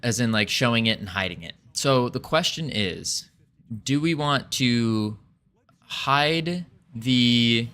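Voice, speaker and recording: Over soft background music, a man with a mid-range voice speaks at a slow pace with lively intonation and a pushed, bright, clean tone. He's live-streaming game development, muttering as he reads code and joking about himself in casual commentary.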